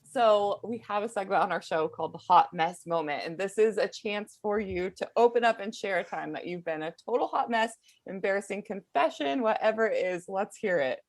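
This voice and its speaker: A woman co-hosting a podcast, chatting casually, laughing often and reacting warmly. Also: medium pitch, moderate pace, hardly any pauses, no echo. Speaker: podcast co-host. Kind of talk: casual chat.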